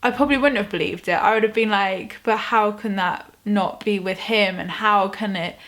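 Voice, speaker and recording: Young woman, casual vlog storytelling, chatty, filler-heavy, animated. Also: medium pitch, normal speed. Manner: chatty, lots of "like", animated quoted exclamations. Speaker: lifestyle YouTuber. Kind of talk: casual personal storytelling to camera.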